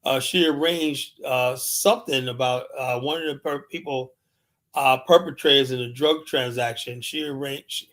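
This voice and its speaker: A man's voice: medium pitch, fairly even intonation, moderate pace, a bit bright. A man hosting a live stream, rambling in casual chat and telling stories full of fillers. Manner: rambling, storytelling, lots of fillers like "and whatnot". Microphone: streaming mic.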